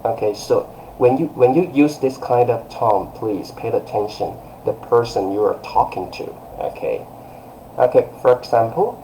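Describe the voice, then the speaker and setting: A male teacher speaks English slowly and patiently at a middle pitch. He repeats each example and punches out the demonstrations with emphasis. A faint hiss of noise sits under the voice. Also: a little mellow, poor audio. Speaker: Chinese teacher. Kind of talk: live online language lesson.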